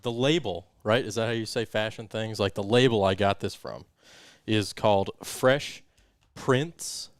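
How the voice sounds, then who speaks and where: Wry male co-host, lowish voice, dry deadpan delivery, close dry sound. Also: normal speed, dry recording. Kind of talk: casual chat.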